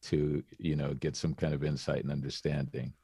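A man co-hosting a casual podcast, speaking in a measured, hesitant way with many fillers. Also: rumbling low, flat delivery, dark tone, slightly rough, no echo, clean studio sound. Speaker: podcast co-host. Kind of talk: casual chat.

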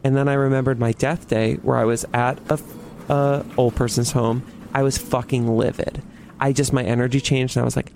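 A man's voice: medium pitch, steady tone, normal speed, creaky, a little mellow. A young man telling a personal story in a casual, dramatic way, with laughter and swearing along the way. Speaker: podcast host.

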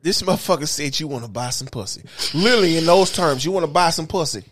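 High-pitched guy on a podcast, super lively, loud profane storytelling, cracking himself up. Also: fast talker. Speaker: podcast co-host. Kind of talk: crude casual banter.

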